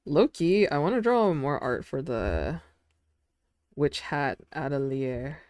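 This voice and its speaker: Slow, giggly, rambling streamer. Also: mid-range voice, expressive, darkish tone, clean tone, no room sound, clean studio sound. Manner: rambling, filler-heavy, giggly. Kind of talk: casual chat while drawing on stream.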